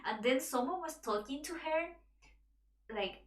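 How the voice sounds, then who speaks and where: A high, bright woman's voice, talking slowly and rambling through a story as she streams. Her voice sounds a bit far from the mic in an echoey room, with music playing behind her. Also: lively intonation. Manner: rambling storytelling with frequent laughs and restarts. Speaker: VTuber streamer and webtoon artist. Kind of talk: casual stream chat while drawing. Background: background music.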